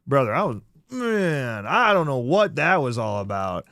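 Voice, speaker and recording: A man hosting a casual livestream, ranting profanely about a failed stream, swinging from mutters to shouts. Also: medium pitch, very animated, measured pace, creaky, dry recording, studio quality. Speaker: livestream host.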